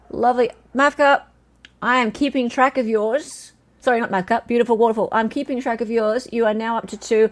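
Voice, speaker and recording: Australian woman, livestream host, casual quiz chat, slightly high voice, chatty, laughs a lot. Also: brisk. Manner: chatty, laughs often, reads out viewer names.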